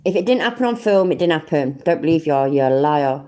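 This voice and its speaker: A woman's voice: low voice, lively intonation, quick pace, warm tone, a little hiss or hum. A British woman hosting a reaction video, mocking and swearing as she mimics and ridicules what she hears. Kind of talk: sarcastic reaction commentary.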